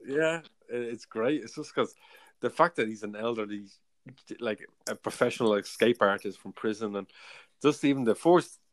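A man hosting a casual podcast chat, chatty and quick to laugh. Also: medium pitch, no room sound. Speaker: podcast host.

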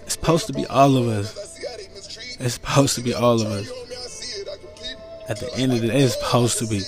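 An American man in his thirties hosts a loose solo podcast, rambling, laughing a lot and cussing without restraint. His mid-range voice is fairly even and moderately paced, with loud music playing behind him.

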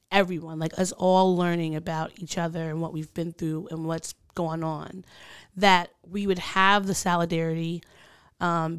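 Podcast co-host, woman, low-pitched, smooth and clear, earnest and filler-heavy. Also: no echo, studio quality. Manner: earnest, thoughtful, with many fillers. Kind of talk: casual podcast chat.

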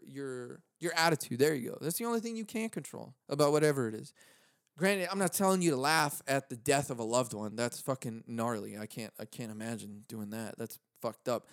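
A man's voice: fairly high pitch, no room sound, studio quality. A young man with a Californian accent, talking in a solo comedic rant, swearing freely and laughing often. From Southern California. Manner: profane, laughs often, acts out quoted voices. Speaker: podcast host.

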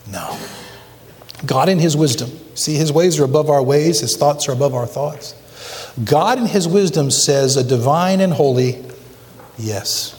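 Guy preaching hard in a big echoey church, kinda high voice, keeps throwing questions at the crowd. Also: expressive, normal speed, darkish tone. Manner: emphatic preaching with rhetorical questions. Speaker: pastor. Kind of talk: sermon. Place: church sanctuary. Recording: long church reverb.

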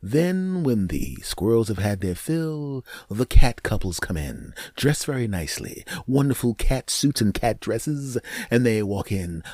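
A man hosting his own podcast, telling a comic story in an animated, jokey monologue. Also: unhurried, hardly any pauses, slightly rough, no room sound, studio quality. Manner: animated, jokey, wide swings in pitch. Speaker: podcast host.

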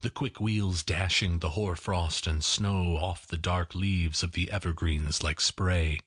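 A man narrating a classic story in an unhurried, expressive reading. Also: low-pitched, husky, dry recording, clean studio sound. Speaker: audiobook narrator.

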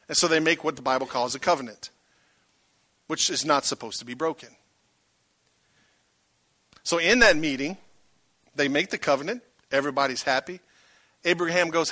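A male pastor preaching a sermon, dramatic, swinging from loud bursts to hushed tones and asking the crowd rhetorical questions. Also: mid-range voice, brisk, long pauses, no room sound.

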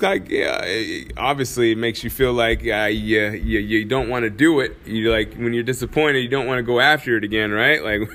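A man's voice: medium pitch, fairly bright tone. A man hosting his own podcast from a studio, talking casually, using slang and laughing often. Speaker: podcast host.

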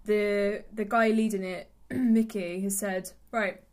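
A woman's voice: mid-range voice, level tone, darkish tone. Playful woman co-hosting a podcast. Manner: teasing, playful banter with quick interjections. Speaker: podcast co-host. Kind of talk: casual chat.

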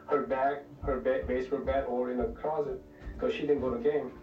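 A man answering police questions in a recorded interview, halting and restarting his words. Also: medium pitch, little pitch movement, highs cut off. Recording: echoey room, distant mic, music underneath.

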